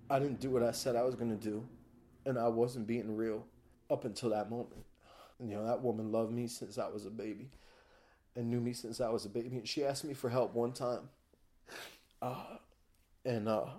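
A man's voice: medium pitch, dark tone. A man guest on a podcast, telling a raw, emotional personal story in a candid way, with many fillers. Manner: raw, emotional, frequent fillers like "you know" and "like".

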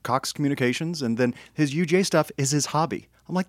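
A man's voice: on the high side, brisk, no room sound. Guy on a podcast telling a story, acts out the voices, dry close sound. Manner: animated storyteller, acts out quotes. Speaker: podcast co-host. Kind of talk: casual chat.

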